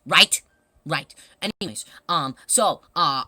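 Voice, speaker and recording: A woman streamer in casual livestream chat, rambling through a story with many fillers and breaking into laughing shouts. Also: on the low side, unhurried, no echo. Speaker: live streamer.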